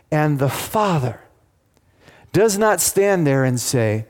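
A man delivers a sermon in a slightly high, very animated voice, speaking slowly with long pauses. He puts questions to the congregation and retells things emphatically, all under a long hall reverb.

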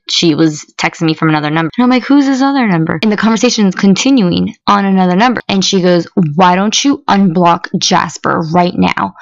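A woman hosting a podcast, telling a story in a blunt, profane and animated way. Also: on the low side, creaky, no echo. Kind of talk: casual storytelling monologue. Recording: dull lo-fi, dry sound.

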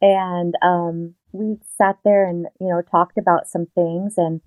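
A woman telling a personal story in a casual interview, animated and laughing often. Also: unhurried, no room sound. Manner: animated, laughs often, quotes herself in a higher voice. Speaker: interview guest.

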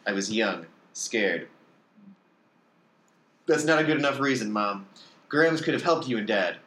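A man's voice: lively intonation, measured pace, a bit bright, roomy sound. A man reading a story aloud, lifting his voice for the characters' lines and now and then stumbling and restarting. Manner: reads character lines with raised pitch and emphasis, occasional slips and restarts. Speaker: reader of fan fiction.

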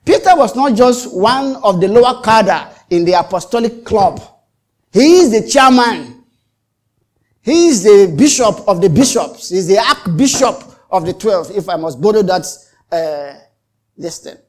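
An animated pastor with a mid-range, darkish voice preaches without hurrying. For emphasis he repeats and restarts phrases, and he dramatically acts out the exchanges he tells.

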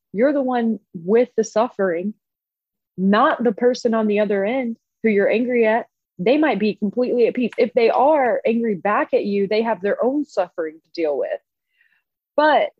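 A woman co-hosting a podcast, telling a story in casual chat, animated and swearing often. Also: on the high side, slightly rough, no echo, highs cut off. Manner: animated, profane, frequent "like". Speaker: podcast co-host.

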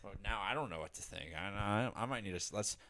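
A man's voice: fairly low pitch, fast, sharp tone. A man co-hosting a casual podcast chat, teasing and prodding his friends. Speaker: podcast co-host.

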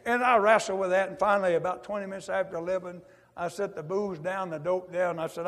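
A man giving a testimony sermon in a folksy drawl, swinging from loud to hushed and dropping in "amen" asides. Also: high-pitched, steady tone, fast talker. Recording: echoey hall.

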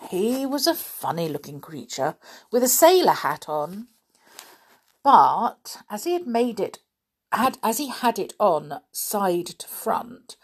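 Slow, expressive woman storybook narrator. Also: medium pitch, breathy edge. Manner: expressive, unhurried. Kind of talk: children's storybook reading.

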